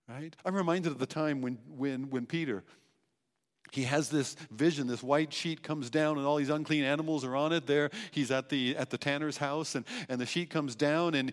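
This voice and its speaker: A male pastor delivers a sermon with emphasis, throwing out rhetorical questions and circling back on his phrases. His voice sits somewhat high for a man. The sound carries a long reverb from a church hall.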